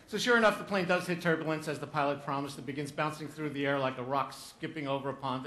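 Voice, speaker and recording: A man's voice: fairly high pitch, fast talker, hardly any pauses, a bit bright. A man giving a humorous keynote talk on stage, telling a story with jokes and acting out what people said. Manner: storytelling with jokes, acts out quotes. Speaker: motivational speaker.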